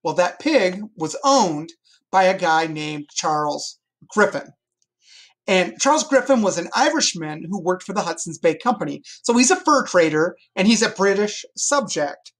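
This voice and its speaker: A male teacher giving a lively history lesson to his class, joking and pointing things out as he explains. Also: sits high, moderate pace.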